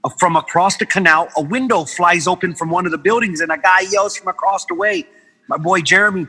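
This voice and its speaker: A man from Guam, a podcast guest, telling animated stories in casual chat, swearing freely and acting out the voices of people he quotes. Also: high-pitched, brisk, husky, long reverb tail, low-quality recording.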